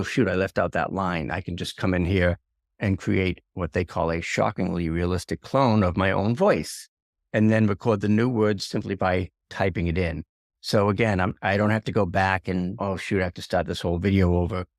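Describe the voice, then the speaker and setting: Low-voiced man explaining software casually. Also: no echo, clean studio sound. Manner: conversational, self-deprecating asides. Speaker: video tutorial host. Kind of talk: casual screen-share software walkthrough.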